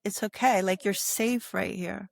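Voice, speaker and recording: A woman yoga instructor talking in a calm interview, with a soothing, guiding manner and a habit of asking "right?". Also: mid-range voice, measured pace, creaky, dry recording, clean studio sound. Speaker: yoga instructor and sobriety guest. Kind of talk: calm conversational interview talk.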